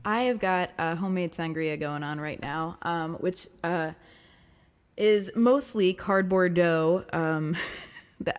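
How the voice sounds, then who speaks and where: A woman's voice: fairly low pitch, in a large hall. A woman from Long Island with a light Long Island accent, a singer-songwriter hosting a livestream, chatting casually with viewers, upbeat and laughing often between ums. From Long Island, New York. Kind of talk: casual livestream chat reading comments.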